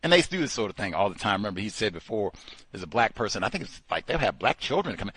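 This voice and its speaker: Man, talk radio host, casual commentary, laughing, very expressive pitch. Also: fast, husky, no room sound. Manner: animated, laughing, acts out quoted people.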